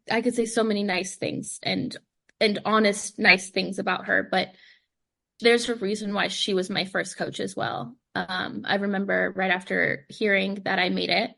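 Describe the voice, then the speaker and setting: A young woman, a professional dancer, telling her story in a casual podcast interview, animated and full of "like," acting out the voices of the people she quotes. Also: mid-range voice, unhurried, gravelly. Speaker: podcast guest, pro dancer.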